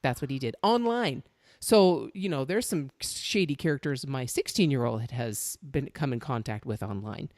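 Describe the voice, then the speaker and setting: A middle-aged woman hosting a podcast, telling stories in a chatty, animated way. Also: extremely low pitch, normal speed, no room sound, clean studio sound. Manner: chatty storyteller, animated when excited. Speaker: podcast host. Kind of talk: casual interview chat.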